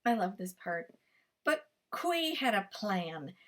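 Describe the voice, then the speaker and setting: A woman reading a picture book aloud as a storyteller, expressive and animated. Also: mid-range voice, slow.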